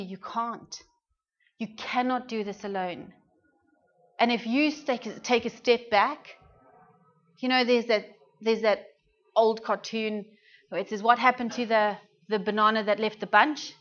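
A woman's voice: on the high side, a bit bright, highs cut off. A woman with a British accent preaching a sermon in an earnest, conversational way, often asking her listeners questions. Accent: British English. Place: church hall.

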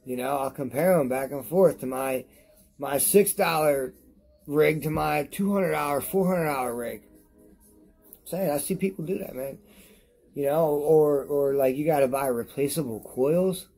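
Husky-voiced man ranting while high. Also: a little slow, darkish tone, faint music behind. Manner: profane, rambling, repeats himself. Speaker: product reviewer. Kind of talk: rambling casual rant to camera.

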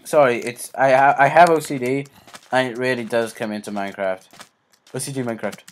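A man's voice: mid-range voice, steady tone, fairly quick, slight background noise. A man giving let's play commentary, rambling to himself and yelping at sudden scares. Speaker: gaming YouTuber.

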